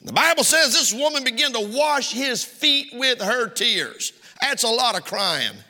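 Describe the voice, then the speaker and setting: A middle-aged preacher with a very high, piercing bright voice, preaching with fervor and throwing rhetorical questions at his church. His words ring out in the long reverb of a big sanctuary. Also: animated, measured pace. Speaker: pastor. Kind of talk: sermon.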